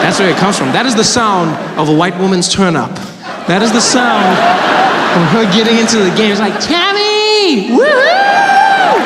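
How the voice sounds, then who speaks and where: A man in his thirties performing a stand-up comedy set, acting out the voices of the people in his stories. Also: high voice. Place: large comedy venue with a live audience. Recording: live hall recording with crowd noise.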